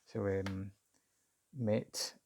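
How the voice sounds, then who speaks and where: A man's voice: fairly low pitch, level tone, extremely slow, creaky, a little mellow. A Scottish man casually recounting a story in a rambling, hesitant way, with lots of fillers and restarts. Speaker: vlogger recounting a job interview.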